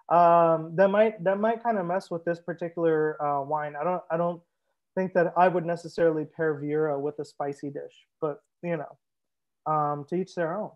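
A man's voice: high-pitched, steady tone, normal speed, dull audio. A young man hosting a live wine tasting as a sommelier, chatting casually and joking as he reads out viewer comments. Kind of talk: casual livestream chat.

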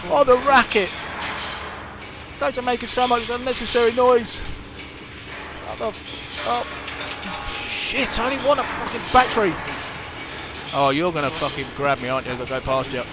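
A man's voice: extremely high pitch, animated, a little slow, pauses often, background noise. A man commentating a horror game, swearing a lot, jumpy, and talking back to the characters on screen. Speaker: gamer.

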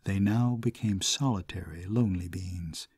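A man narrating a classic short story in a measured, somber way. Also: deep voice, a little mellow, slightly rough, no echo, clean studio sound. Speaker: audiobook narrator.

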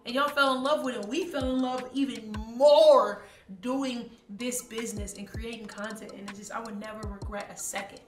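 A woman's voice: fairly high pitch, fairly even intonation, normal speed, few pauses. Teasing young woman, echoey room. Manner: playful, teasing, slangy. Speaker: co-host of a couple channel. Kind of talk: casual chat. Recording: echoey room, mic at a distance, music behind.

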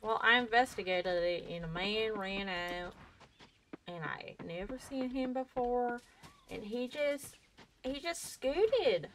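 A woman's voice: fairly high pitch, takes it slowly, fairly bright tone, a little hiss or hum. A woman putting on a twangy country gossip. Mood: incredulous. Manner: put-on twangy accent, tall-tale telling.

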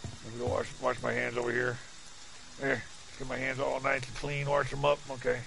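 A man's voice: mid-range voice, monotone, brisk, gravelly, a bit bright, slight background noise, rough recording. A middle-aged man chatting casually over his gameplay, laughing often and talking to his chat and teammates. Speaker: gaming streamer.

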